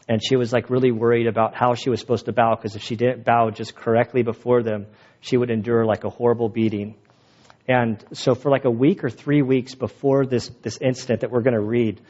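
Man giving a sermon, mid-pitched voice, casual halting storytelling, slightly dull recording. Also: a little mellow. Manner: casual storytelling with many fillers and restarts; reads a passage aloud while holding back tears. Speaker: pastor.

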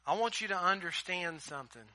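Male pastor delivering an emphatic sermon; bright, cutting tone, slightly high voice. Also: fairly quick, dry recording. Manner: emphatic preaching, swinging between loud and hushed.

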